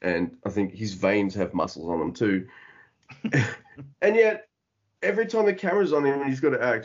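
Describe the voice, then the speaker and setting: A man's voice: lowish voice, normal speed, long pauses, dull audio. A man co-hosting a podcast, chatting casually about films with wry jokes. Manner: wry, joking, mock accents. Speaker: podcast co-host. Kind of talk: casual film review chat.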